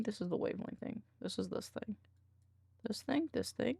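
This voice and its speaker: A woman's voice: mid-range voice, animated, moderate pace, creaky, dark tone, breathy edge, dry recording. A woman streamer in casual chat, cranky and rambling, swearing and muttering to herself.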